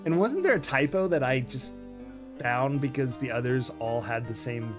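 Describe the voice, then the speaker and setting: A man chatting casually while live-streaming an old game, quick to poke fun at himself and thank his viewers. His voice sits in an ordinary middle pitch. Faint game music plays underneath. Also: animated.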